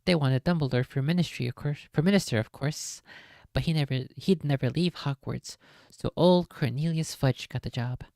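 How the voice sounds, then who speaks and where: A woman voicing a huge, gruff but kindly man in a storybook reading, loud and blustery, with a low, dry voice. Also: moderate pace, no echo. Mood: grumbling.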